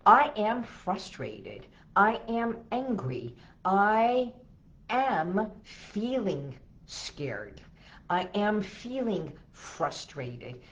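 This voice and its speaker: Woman podcast host, deep-toned and slow-paced, gentle coaching delivery. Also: lo-fi sound. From Los Angeles area, USA. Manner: slow, soothing, coaching with emphatic repetitions. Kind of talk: solo wellness talk, guiding techniques.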